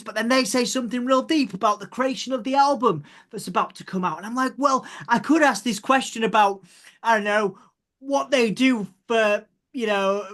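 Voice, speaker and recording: Rambling, excitable male journalist. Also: very high voice. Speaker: music journalist guest. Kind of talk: casual interview chat.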